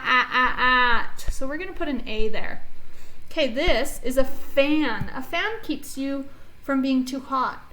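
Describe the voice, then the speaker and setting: In a rough recording, a woman with a high, slightly bright voice teaches children early phonics. She sounds out each letter clearly and keeps her tone encouraging.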